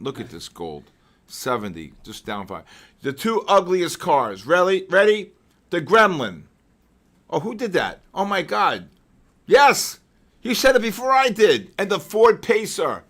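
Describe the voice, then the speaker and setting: An older man hosting a live market trading session, mixing chart talk with joking stories and loud exclamations. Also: mid-range voice. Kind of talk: live trading commentary and casual chat.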